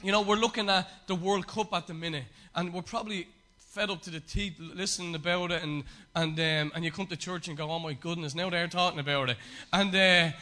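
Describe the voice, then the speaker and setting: A man's voice: high voice, steady tone, fairly quick, few pauses, bright, forceful tone. A man, a pastor, preaching a sermon with emphatic repetition and frequent fillers.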